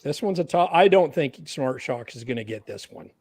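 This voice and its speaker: A man's voice: mid-range voice, lively intonation, normal speed, a little mellow. A man with a Canadian accent hosting a casual livestream chat, playful and laughing as he keeps score. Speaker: podcast host.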